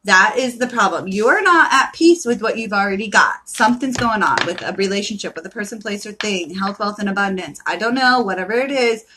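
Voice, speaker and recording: A woman's voice: medium pitch, animated, brisk, hardly any pauses, sharp tone, slight background noise. A woman from Florida giving live tarot card readings in a brash, profane pep-talk manner.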